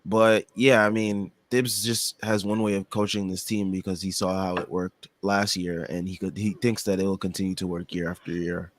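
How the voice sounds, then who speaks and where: Deep-voiced young man, dry sound. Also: level tone, no echo. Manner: indignant, halting, many fillers. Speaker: podcast co-host. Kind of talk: casual sports podcast chat.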